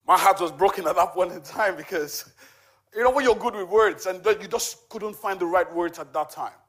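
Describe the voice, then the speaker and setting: A charity volunteer in his forties delivers a conversational testimony at church, telling a story studded with fillers such as "you know." He talks at normal speed in a high, fairly bright, slightly rough voice.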